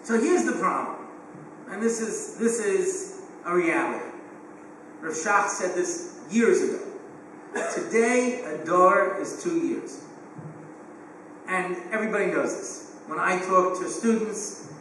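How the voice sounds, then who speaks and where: A man in his fifties, a rabbi lecturing parents, animated and joking, with quick asides, recorded from a distance in a large hall. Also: sits high. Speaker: rabbi and speaker on education. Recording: echoey hall, distant mic, faint hum.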